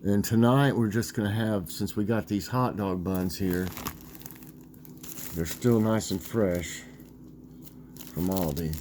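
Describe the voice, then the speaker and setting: A man in his sixties chatting casually in a vlog, rambling and halting with lots of fillers as he tells a childhood story and talks about dinner. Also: deep voice, background noise. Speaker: vlogger.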